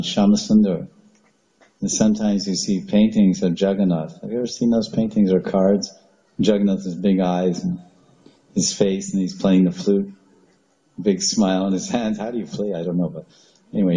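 A man's voice: low voice, warm tone, poor audio. A man teaching a devotional talk, telling stories with chatty asides and small laughs. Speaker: spiritual teacher.

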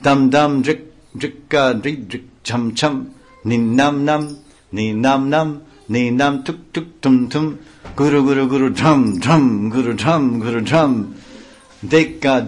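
A man's voice: medium pitch, slow pace, voice pushed up. A man voicing Radhika, an ecstatic young female dancer, chanting rhythmic dance syllables.

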